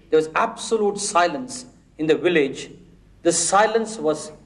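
A man giving a spiritual discourse, telling a parable in a measured storytelling manner and addressing listeners as friends. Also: high voice. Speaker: spiritual teacher.

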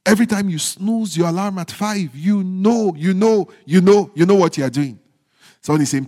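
A male pastor preaching a sermon, stressing phrases slowly and dropping into low, quiet teasing asides to the congregation. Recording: long hall reverb.

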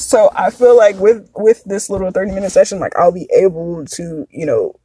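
A woman's voice: medium pitch, normal speed, few pauses, warm tone, husky, dry recording. A woman in her thirties hosting a podcast, talking frankly and confessionally in a casual chat that drifts into tangents. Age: 30s. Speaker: podcast host.

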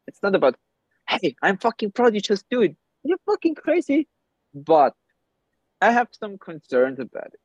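A man's voice: fairly high pitch, no room sound. Blunt German-native man, muffled audio. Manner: emphatic, blunt, swears often. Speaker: guest. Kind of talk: candid podcast conversation.

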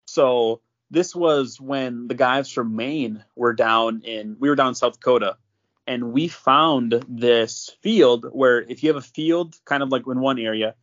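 A man hosts a casual podcast and spins a rambling tale, full of fillers and restarts. His voice sits at an everyday middle pitch. The recording is muffled and lo-fi. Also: a bit bright. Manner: rambling, filler-heavy, lots of "like". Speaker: podcast host. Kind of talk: casual storytelling chat.

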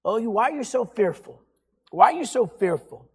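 A weary, irritated man, freshly woken, scolds his companions in a husky, breathy voice, as a preacher acts him out. The lines are exasperated and come in the middle of a sermon. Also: mid-range voice, lively intonation, moderate pace.

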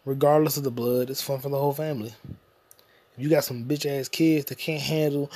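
Solo podcast host: husky, mid-pitched man, profane and rambling, riffs and jokes. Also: steady tone, fairly quick, dark tone, no room sound. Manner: profane, rambling, jokey, sings snatches.

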